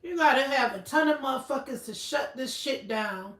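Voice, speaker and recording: A woman's voice: sits high, lively intonation, moderate pace, a bit bright. A woman chatting casually on a livestream, blunt and profane. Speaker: livestream host. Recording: roomy echo, slightly far from mic.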